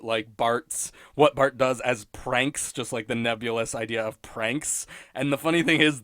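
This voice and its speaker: A man's voice: medium pitch, a bit bright, dry recording, clean studio sound. A man hosting a solo podcast, talking through a cartoon episode in rambling, wry commentary and often cutting himself off. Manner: rambling, self-interrupting, wry, laughs at own points. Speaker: podcast host reviewing episodes.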